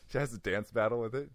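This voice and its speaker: A man telling a personal story in casual conversation, animated and laughing often, with lots of "like". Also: medium pitch, no room sound, studio quality. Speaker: guest.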